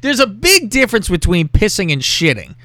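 A man's voice: high voice, fairly quick, no room sound. A man hosting a podcast, telling a crude story with lots of swearing and acting out what people said. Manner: profane, animated, acts out quotes. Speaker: podcast host.

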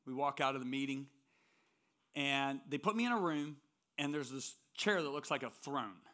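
A man with a mid-range, slightly bright voice preaches as a guest speaker in a church, speaking at a normal pace. He's animated and emphatic, and his sermon is built around personal stories told with strong emphasis.

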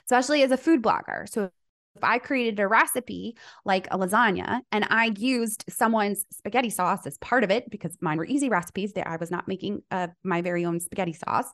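A middle-aged woman, a business coach, talking through her experience in a relaxed interview and acting out the people she quotes. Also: mid-range voice. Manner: animated storyteller, acts out quoted dialogue. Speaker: business coach, podcast guest. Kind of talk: conversational interview.

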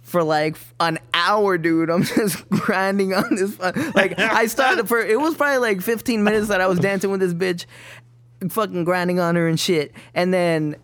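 A man's voice: high-pitched, normal speed, fairly bright tone. A young man telling a brash club story, swearing constantly. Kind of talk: casual chat.

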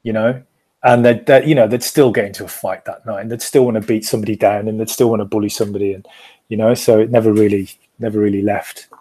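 A man chats candidly on a podcast. His stories come out in animated bursts full of quick restarts. He sounds open and direct. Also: lowish voice. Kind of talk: casual chat.

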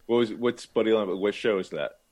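A man's voice: lowish voice, a little fast, darkish tone. A younger man co-hosting a podcast, answering teasing in a hesitant, defensive way with stammered restarts. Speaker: podcast co-host. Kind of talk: casual banter.

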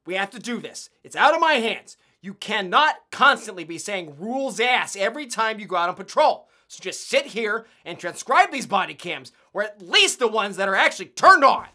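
A man's voice: high-pitched, sing-song, normal speed, few pauses, pushed and bright. A man playing a police sergeant in a comedy sketch, sternly lecturing a junior officer.

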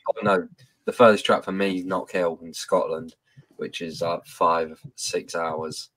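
A man from England with a West Midlands accent, a racing guest answering in a relaxed, hesitant way. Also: low-pitched, a little slow, no room sound. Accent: West Midlands English. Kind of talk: casual interview chat.

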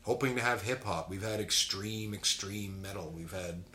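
Band member, man, low and bright, tells stories with gusto in an echoey room. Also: moderate pace, a little hiss or hum. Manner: animated storyteller, laughs often. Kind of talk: casual chat.

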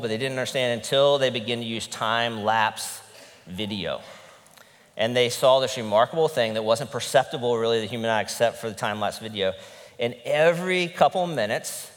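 A male pastor preaching a conversational sermon, earnest and candid, his voice sometimes breaking with emotion. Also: medium pitch. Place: church sanctuary. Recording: long reverb in a large hall.

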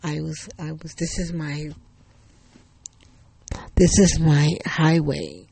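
A man voicing a calm, polite highway patrol officer who speaks steadily and reassuringly. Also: normal speed, gravelly, husky.

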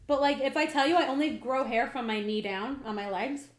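A woman's voice: high voice, fairly quick. A young adult woman telling stories in a brash, profane, casual way as a guest in a chat. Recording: echoey room.

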